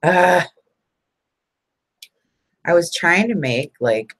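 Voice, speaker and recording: A woman's voice: on the low side, lively intonation, drawn-out words, fairly bright tone, a little hiss or hum, low-quality recording. Chatty rambling woman crafter. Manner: rambling, chatty, laughs often. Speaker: crafting vlogger. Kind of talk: casual live-stream chat.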